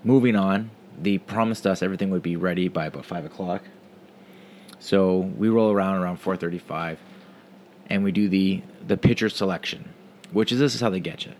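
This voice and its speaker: Low-pitched guy, loose profane delivery, restarts often, faint background hum. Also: fairly quick, darkish tone. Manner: casual, profane, rambling with restarts. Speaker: parent telling a story. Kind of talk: casual storytelling monologue.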